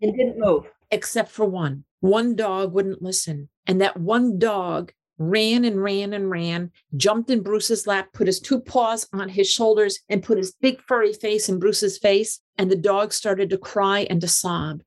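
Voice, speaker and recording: Guest: older woman, animated storyteller, mid-pitched, repeats herself as she goes. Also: measured pace, hardly any pauses. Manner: animated, repeats words and restarts often. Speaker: interview guest. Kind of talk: emotional personal storytelling.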